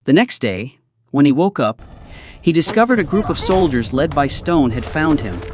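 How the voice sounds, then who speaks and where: Lively male movie recap narrator. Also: fairly high pitch, normal speed, no echo. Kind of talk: scripted narration.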